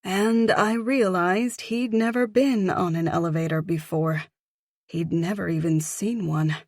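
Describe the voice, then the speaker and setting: Slow-reading woman audiobook narrator. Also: on the low side, a little mellow, no echo, clean studio sound. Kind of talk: scripted first-person narration.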